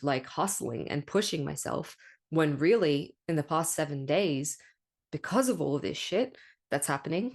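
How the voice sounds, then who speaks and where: A woman hosting a spiritual podcast in a casual monologue, candid and emphatic, swearing freely and often tagging thoughts with "right?". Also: low-pitched. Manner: spiritual coaching talk, rhetorical "right?". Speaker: podcast host.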